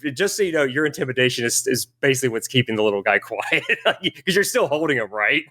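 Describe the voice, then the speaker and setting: A man's voice: mid-range voice, animated, bright, forceful tone. Improvising man running a tabletop game. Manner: halting, many restarts while improvising. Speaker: game master.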